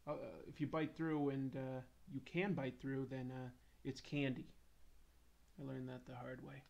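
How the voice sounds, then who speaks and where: A man's voice: mid-range voice, fairly even intonation, normal speed. A man hosting a comics livestream, joking casually and reading viewer comments aloud while he draws. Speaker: comics YouTube host.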